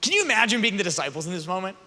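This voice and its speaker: Man, youth conference speaker, humorous sermon storytelling, high voice, long reverb of a large hall. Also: racing. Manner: animated, joking, acts out characters. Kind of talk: humorous preaching and scripture storytelling.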